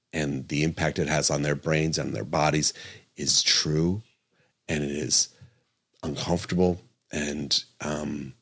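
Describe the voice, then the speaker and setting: A middle-aged man, a doctor hosting a podcast, talking earnestly and emphatically, repeating his points and correcting himself aloud. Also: deep voice. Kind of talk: podcast monologue.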